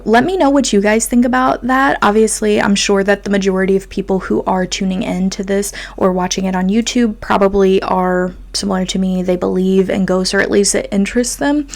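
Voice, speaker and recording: Young woman podcast host, rambly and self-deprecating, fry in her voice, middle pitch. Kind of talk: casual chat. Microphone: video podcast mic.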